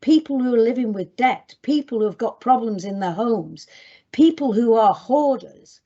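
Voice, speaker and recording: A woman's voice: on the high side, lively intonation, normal speed, warm tone, husky, highs cut off. A woman presenting to clinicians in a webinar, talking directly and emphatically as she moves through her slides. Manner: direct, emphatic, addresses audience as guys.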